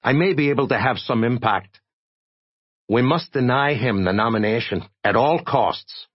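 A man voicing an impatient, forceful older man who speaks firmly and with pride. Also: medium pitch, moderate pace, breathy edge, muffled recording, close to an everyday voice.

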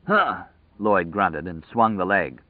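A man narrating a story in a measured, vivid storytelling manner, over tinny phone-like audio. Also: fairly low pitch, no room sound. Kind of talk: scripted narration.

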